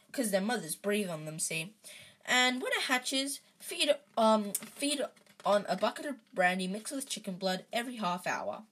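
A woman reading the lines of a big, gruff, kindly male groundskeeper, hesitant and rambling, with a husky voice. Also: mid-range voice, a bit bright. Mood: proud.

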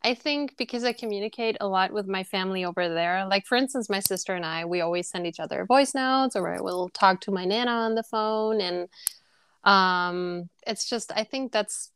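A young woman from Germany with a faint German accent, talking casually as an interview guest. She tells stories in a loose, chatty way, full of fillers. Her voice is smooth and clear, recorded dry and close. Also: medium pitch, moderate pace, a bit bright, no echo. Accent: slight German. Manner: chatty storyteller, many fillers and "like". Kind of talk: casual conversation.

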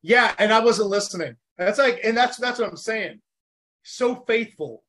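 Eager high-voiced American man. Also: moderate pace, slight background noise. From United States. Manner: animated, earnest and heartfelt, talks about faith. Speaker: podcast guest, former Navy SEAL. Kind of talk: casual interview chat.

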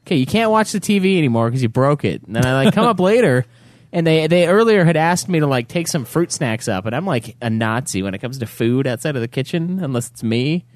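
Podcast co-host, male, lively swings in pitch, dry close sound, swears freely. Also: fairly quick, dry recording. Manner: animated storytelling with frequent swearing. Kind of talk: casual chat.

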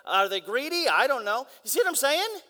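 A young man giving an energetic guest sermon in a church, driving his points with rhetorical questions and mock voices. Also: very high voice, brisk. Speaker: guest preacher. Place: large church hall. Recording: long church hall reverb.

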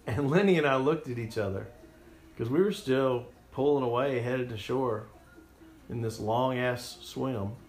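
A man's voice: medium pitch, slow, pauses often. Man telling a story in a roomy space. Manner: rambling and conversational, with restarts. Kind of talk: personal story narration. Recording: roomy echo, faint music behind.

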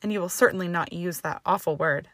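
A stern older witch who runs the school scolds in firm, clipped tones, put on by a woman reading aloud. Her voice sits low and hushed, recorded dry and close. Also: quick pace, dry recording. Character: stern older Scottish-styled headmistress, strict.

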